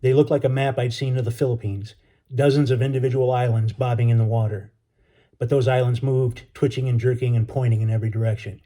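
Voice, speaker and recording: A man, an author and educator, reading a chapter of his novel aloud in a relaxed, casual way. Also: medium pitch, quick pace.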